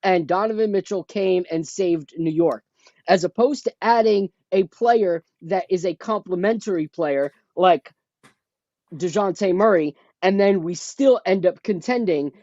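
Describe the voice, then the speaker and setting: A man's voice: high voice, measured pace, a little mellow, no echo. Podcast co-host, male, opinionated and emphatic, lo-fi dull headset sound, dry. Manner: opinionated, emphatic, makes a point at length. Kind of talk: casual sports podcast chat. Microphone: headphones with a remote mic.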